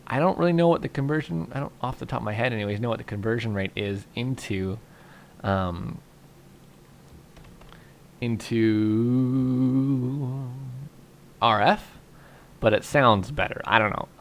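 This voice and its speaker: A man's voice: medium pitch, a little slow, creaky, pauses often, slight background noise. A young man narrating a game casually and rambling through his thoughts with lots of fillers, tired and yawning. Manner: relaxed, rambling, thinks aloud with fillers. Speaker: gaming YouTuber. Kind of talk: casual Minecraft commentary.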